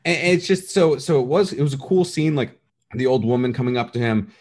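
A man co-hosting a casual podcast, talking in an animated, rambling way and acting out quotes. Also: mid-range voice, a little fast. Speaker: podcast co-host. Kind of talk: casual chat.

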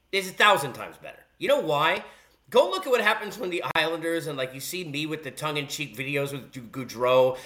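On his sports podcast, the host, a man with a fairly high, sharp-toned voice, rants about sports bluntly and sarcastically, full of strong opinions.

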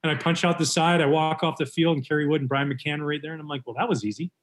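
A man in his forties from Canada, a former pitcher telling a story in casual conversation with an animated, lively delivery. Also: quick pace. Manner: animated, lively retelling with voiced quotes.

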